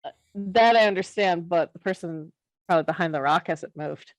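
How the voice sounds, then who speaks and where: A woman with a fairly low voice talks as a player in a tabletop game. She makes lighthearted remarks. Her sound is dry and close, with no room around it. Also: normal speed, dry recording, poor audio. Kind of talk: casual tabletop play.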